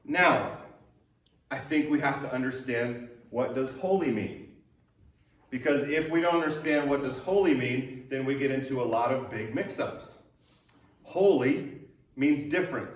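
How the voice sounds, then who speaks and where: A man's voice: medium pitch, normal speed. A male pastor giving a sermon in a conversational way, using repeated rhetorical questions and light joking. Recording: echoey room, voice picked up from a distance.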